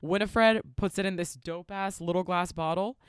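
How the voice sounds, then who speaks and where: Profane, animated woman recapping a film. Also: on the low side, normal speed, smooth, dry recording, clean studio sound. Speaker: podcast co-host. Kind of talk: casual movie recap chat.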